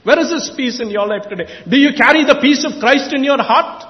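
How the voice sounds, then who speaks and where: High-voiced man preaching a fervent sermon. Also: brisk, long reverb tail, highs cut off. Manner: impassioned, repetitive exhortation. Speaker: lay preacher. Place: church.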